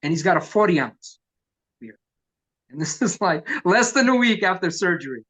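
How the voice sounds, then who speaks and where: A middle-aged man, a punk vocalist telling profane, lively stories in an oral history interview. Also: sits high, moderate pace, breathy edge. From New York. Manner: profane, animated storyteller who acts out quotes.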